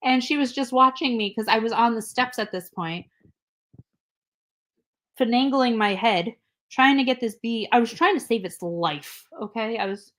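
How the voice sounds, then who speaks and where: Her voice is fairly high and her speed normal as she co-hosts a podcast. She recounts a story in a breezy, animated way, often laughing and voicing what people said.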